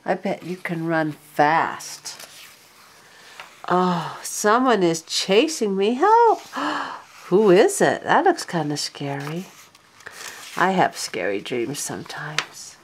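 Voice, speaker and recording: Slow, lilting older woman reading aloud. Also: lowish voice, big pitch swings, slight background noise. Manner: gentle, coaxing, asks the child questions. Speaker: grandmother reading to a child. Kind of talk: reading a picture book aloud.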